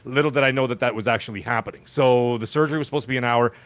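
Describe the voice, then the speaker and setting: A man hosting a podcast, telling a long personal story in casual chat and acting out the people he quotes. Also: racing. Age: adult with children. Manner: animated, acts out quoted voices with pitch jumps. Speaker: podcast host.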